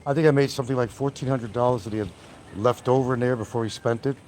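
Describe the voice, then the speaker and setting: A man's voice: medium pitch, fairly even intonation, quick pace, darkish tone, slight background noise. Brash, taunting man ranting on a livestream. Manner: brash, taunting, trash-talking. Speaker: livestream host. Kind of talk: rambling livestream rant.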